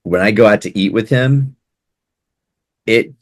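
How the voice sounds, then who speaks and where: A man hosting an interview show, chatting casually and in a relaxed, agreeable way. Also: on the low side, unhurried, dry recording, studio quality. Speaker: podcast host.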